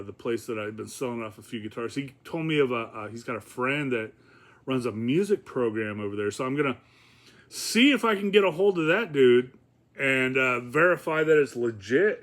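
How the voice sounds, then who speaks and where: A man's voice: medium pitch, fairly bright tone. A man talking casually in a rambling, profane vlog, with many fillers and chuckles. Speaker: vlogger.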